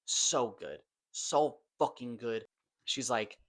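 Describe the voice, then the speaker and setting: A young man giving a casual, excitable movie review, full of swearing and slang. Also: mid-range voice, measured pace.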